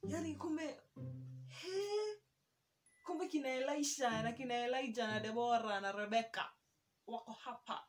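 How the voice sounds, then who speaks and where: A woman's voice: fairly high pitch, normal speed, long pauses. A young Kenyan woman with a Kenyan accent telling a storytime vlog, chatty and self-mocking, dropping Swahili words into her English. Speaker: vlogger. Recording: music playing underneath.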